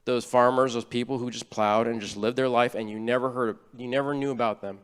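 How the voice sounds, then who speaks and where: A man's voice: mid-range voice, fairly even intonation, fast talker, clean tone, long reverb tail. A man preaching a sermon as a church elder, in an earnest, conversational way with frequent restarts. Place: church sanctuary.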